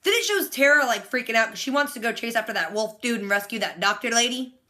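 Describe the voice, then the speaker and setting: A woman runs through a TV episode in a casual recap, her voice fairly high and bright. She tells it in an animated, slangy way. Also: fast talker. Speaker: TV reaction host.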